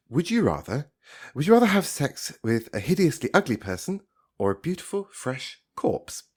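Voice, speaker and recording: A man's voice: on the high side, big pitch swings, moderate pace, breathy edge. A man co-hosting a podcast, joking and teasing in casual banter. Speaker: podcast co-host. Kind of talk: casual chat.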